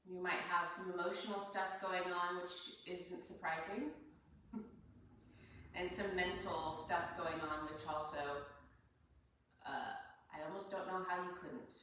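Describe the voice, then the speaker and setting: Yoga teacher lady, calm slow breathing cues, lowish voice, echoey room kinda far from the mic. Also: a little hiss or hum. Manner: calm, unhurried guidance with soft laughs. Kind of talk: guided breathing instruction.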